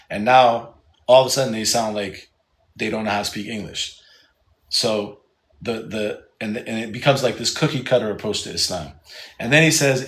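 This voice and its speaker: A man's voice: medium pitch, fairly bright tone, echoey room. A man teaching a live Quran class, casual and joking, often restarting his sentences.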